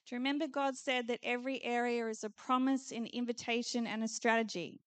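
A woman preaching at a church conference with a fairly high voice. She repeats earnest declarations over the listeners. The sound is close and dry. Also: steady tone, a little fast, clean tone, dry recording. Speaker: conference speaker. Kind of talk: prophetic preaching.

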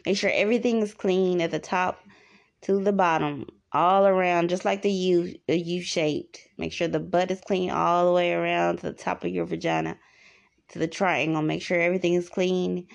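A woman's voice: on the low side, fairly even intonation, moderate pace, gravelly. A woman hosting a podcast, giving rambling, repetitive advice in a casual monologue. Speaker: podcast host.

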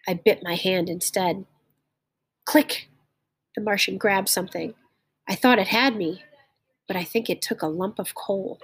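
A woman reading a simplified story aloud, pausing to explain harder phrases in plain words. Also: mid-range voice, slightly rough, dry recording.

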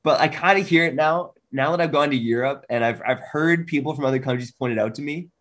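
A man's voice: on the high side, quick pace, a bit bright. A chatty man from Canada hosting a podcast in casual conversation, explaining topics and swearing now and then. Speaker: podcast host. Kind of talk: casual chat.

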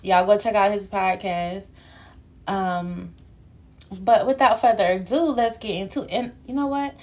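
A woman's voice: medium pitch, steady tone, unhurried, a little mellow. A young woman hosting her own podcast, chatting casually and a little out of breath, with lots of filler ums. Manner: chatty, loose and playful, many filler ums. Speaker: podcast host. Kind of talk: casual solo podcast chat.

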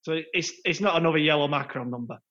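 A man's voice: a little high, fast, a bit bright. A man co-hosting a football podcast, bantering with a sarcastic edge. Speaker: podcast co-host. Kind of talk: casual football podcast chat. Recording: dull lo-fi sound.

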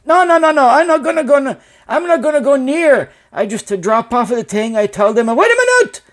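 A man's voice: very high voice, sing-song, fairly quick, fairly bright tone, voice pushed up, full character voice. A man voicing an anxious, rambling male business owner who speaks broken English and swears a lot.

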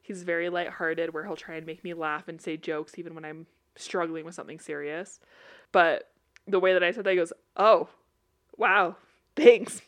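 A woman's voice: sits low, steady tone, brisk. A young woman co-hosting a casual podcast, telling funny family stories and laughing often. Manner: laughs often, chatty storytelling. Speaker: podcast co-host. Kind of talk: casual chat.

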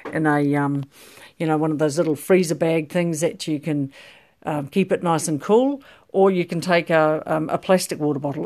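A woman's voice: low-pitched, darkish tone. Chatty middle-aged woman health coach. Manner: chatty, rambling, frequent ums and restarts. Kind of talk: casual talk to camera.

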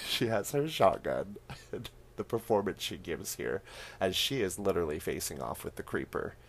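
A young man hosting a podcast, recapping a horror film in animated, laugh-filled storytelling that acts out the characters' lines. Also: sits low, moderate pace, creaky. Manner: animated storytelling, laughing often, acting out quotes. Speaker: podcast host.

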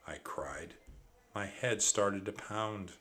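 Slow bright-voiced male storybook reader. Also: on the low side. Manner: expressive first-person narration. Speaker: narrator. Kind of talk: storybook read-aloud.

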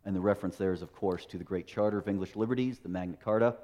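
A man's voice: low-pitched, rapid-fire, mellow. A middle-aged American man preaching a sermon, tossing rhetorical questions and "right?" at his listeners. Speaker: pastor. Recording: long hall reverb.

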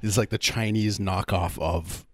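Casting: very deep male radio co-host, laid-back and hesitant, dry close mic. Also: steady tone, measured pace, dry recording. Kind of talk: casual comedic banter during a fund drive.

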